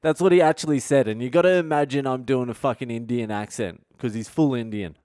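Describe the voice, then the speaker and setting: A man's voice: medium pitch, a little fast, a little mellow, dry recording, studio quality. A middle-aged male comedian telling a story in a blunt, profane, self-mocking way as a podcast host. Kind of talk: comic storytelling monologue. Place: expat in a city abroad.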